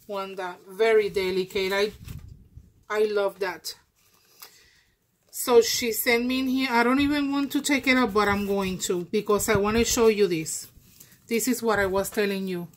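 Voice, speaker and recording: Woman craft vlogger, slightly high voice, slow and gushing, halting restarts, casual unboxing. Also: rough recording. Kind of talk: casual happy-mail unboxing.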